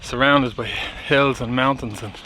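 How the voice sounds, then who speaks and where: A man's voice: mid-range voice, fairly even intonation, a little slow, background noise. An Irish man chatting casually to camera while out hiking, talking in a loose, rambling way. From Ireland. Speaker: vlogger hiking. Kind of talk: casual on-the-go commentary. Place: outdoors on hills and a beach in wind and rain.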